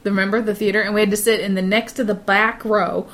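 A woman with an ordinary mid-range voice co-hosts a casual podcast. She tells stories with animation and keeps dropping in quick asides. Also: medium pitch, flat delivery, fairly bright tone. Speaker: podcast co-host. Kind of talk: casual chat.

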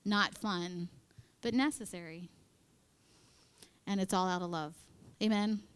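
With a lowish, clean voice, a woman takes her time addressing a women's church gathering before a live audience. The sermon is conversational and chatty, full of performed quotations and whispered asides.

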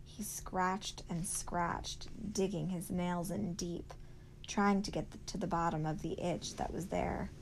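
A woman teacher reading chapters of a novel aloud at a slow, careful pace. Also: on the low side, steady tone, a little hiss or hum, rough recording.

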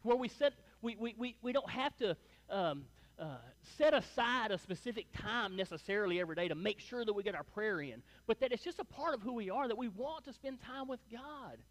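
A middle-aged male pastor delivers a Sunday sermon to his congregation. His voice sits high and light. He talks loosely and informally, peppering his points with little asides to the room. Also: lively intonation, a little fast, in a large hall. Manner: conversational, folksy, tag questions like "right?" and "man". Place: church sanctuary before a congregation.

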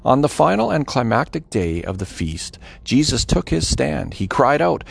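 Gravelly, lively male scripture reader. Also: mid-range voice, moderate pace, hardly any pauses. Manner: dramatic, varied delivery with voiced quotes. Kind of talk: expressive scripture reading.

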